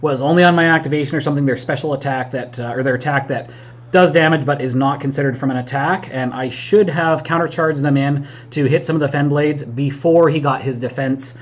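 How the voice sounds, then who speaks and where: A man's voice: on the high side, a little fast, highs cut off. A man doing voice-over commentary on his own tabletop wargame match, chatty and self-critical, with lots of ums and agreeing murmurs. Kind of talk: voice-over game recap commentary.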